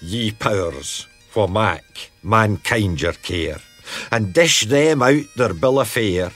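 A man with a Scottish accent reciting an old Scots poem in a measured, declaiming way. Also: fairly low pitch, lively intonation, a bit bright, soft background music.

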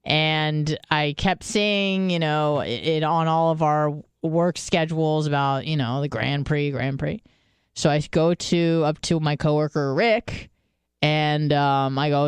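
A woman co-hosting a radio talk show, telling stories in a candid, profane way with many fillers and restarts, and jumping much higher when she quotes people. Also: fairly even intonation, a little slow, clean tone, no echo. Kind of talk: casual chat, storytelling.

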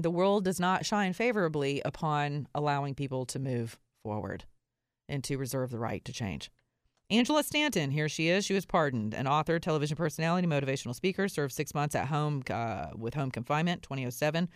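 Woman host, low voice, dry close sound, sarcastic and animated delivery. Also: no echo. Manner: animated, laughing, sarcastic asides. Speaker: political commentary host. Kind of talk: casual political commentary.

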